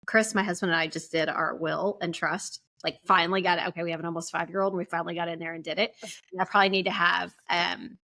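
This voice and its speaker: A woman with a somewhat low voice hosts a casual podcast conversation. She sounds friendly and affirming. She often chimes in to agree with her guest. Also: fairly even intonation, fast, gravelly, sharp tone. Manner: friendly, affirming, with frequent "mm-hmm" and "yeah". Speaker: podcast host.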